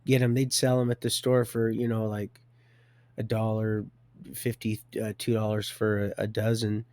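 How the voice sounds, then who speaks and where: A man's voice: fairly low pitch, little pitch movement, moderate pace, a little mellow, no echo. A man in his fifties telling his life story on a live stream, rambling, stopping and restarting, and chuckling often.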